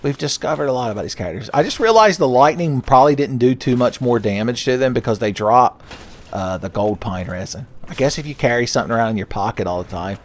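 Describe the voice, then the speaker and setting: A man's voice: medium pitch, animated, quick pace. A man hosting a game let's play with rambling, jokey, profane commentary. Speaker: gaming channel host.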